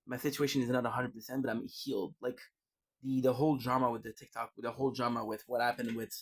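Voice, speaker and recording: A man's voice: medium pitch, flat delivery, quick pace. A man vlogging in a casual, rambling way, often restarting and repeating words. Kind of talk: casual rambling livestream talk.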